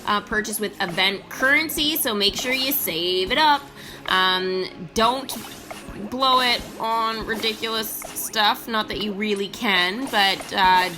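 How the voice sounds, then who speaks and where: A young woman hosting casual commentary on a mobile game, chatty and excitable, with many ums and the odd squeal of delight. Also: medium pitch. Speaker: mobile game channel host.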